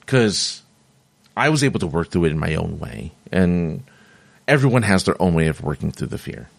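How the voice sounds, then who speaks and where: A middle-aged man with a very low voice talks through a personal story in a loose, rambling way, doubling back and laughing at himself. He has the hiccups. The sound is dry and close, with no room echo. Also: expressive, normal speed, gravelly. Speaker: vlogger sharing personal stories. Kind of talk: casual monologue.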